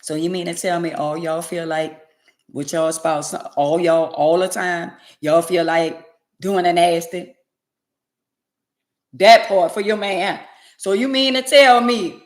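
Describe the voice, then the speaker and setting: A woman, ranting bluntly and sassily to her livestream viewers and swinging between loud and quiet. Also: lowish voice. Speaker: livestream host. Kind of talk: casual livestream rant to viewers.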